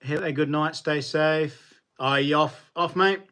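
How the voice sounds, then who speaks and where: A man with a New Zealand accent, a knife maker chatting casually on a livestream and answering viewers in a relaxed, colloquial way. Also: fairly high pitch, unhurried, clear, resonant tone.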